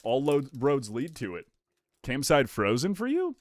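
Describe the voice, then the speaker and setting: Streaming casual chat over a trading card pack opening, this young man in his twenties keeps a measured pace in a mid-range voice. He gets excitable, going from mumbled asides to big, hyped yells. The recording is dry.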